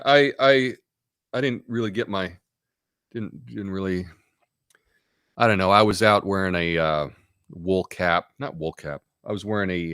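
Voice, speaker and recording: A man's voice: deep voice, a bit bright, smooth, dry recording, studio quality. A man hosting a casual live stream, rambling in an offhand way and reading out chat comments.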